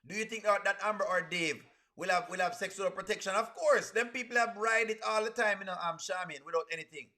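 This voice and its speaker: A man talks to his stream chat as he reacts to a video. His voice sits high and sounds bright and forceful. He is animated and repeats his exclamations over and over. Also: a little fast.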